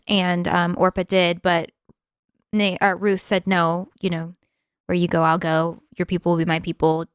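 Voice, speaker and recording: Smooth-voiced woman in casual chat. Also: lowish voice, no room sound, studio quality. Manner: explains stories in an easy, conversational way. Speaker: podcast co-host.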